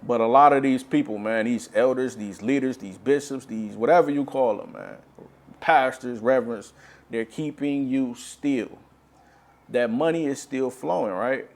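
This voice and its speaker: A man's voice: mid-range voice, measured pace. A man giving an impassioned religious monologue, talking urgently and repeating himself as he grows frustrated. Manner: frustrated, urgent preaching with repetitions. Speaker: religious speaker.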